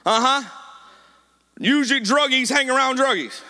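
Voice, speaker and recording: A man preaching a sermon with a shouted, sing-song cadence, repeating his lines for emphasis. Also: very high voice, moderate pace.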